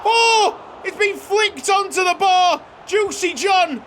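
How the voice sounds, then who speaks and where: A young man commentating on his football video game, excitable, shouting at chances and cracking jokes between plays. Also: extremely high pitch, slow pace, a little hiss or hum. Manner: excitable, shouting at goals, jokey asides. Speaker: gaming YouTuber. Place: home recording room. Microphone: desk microphone.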